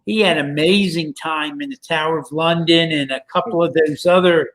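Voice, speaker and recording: A male podcast host in casual chat, rambling and halting with many fillers. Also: on the high side, fairly bright tone. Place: Pennsylvania.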